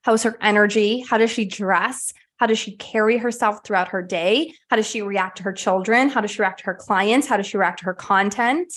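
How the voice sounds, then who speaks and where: Energetic woman hosting a motivational podcast. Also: medium pitch, brisk, few pauses. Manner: candid, energetic, casually profane. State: sweaty and a bit winded. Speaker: podcast host. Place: at home, puppy in the room.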